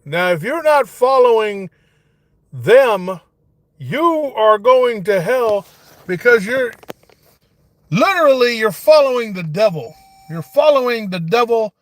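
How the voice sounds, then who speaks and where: A man's voice: extremely high pitch, big pitch swings, slow, pauses often, no echo, exaggerated voice. A man voicing a preachy, forgetful old grandfather who rants, stammers and drifts into rambling asides in a satirical comedy monologue. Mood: ranting.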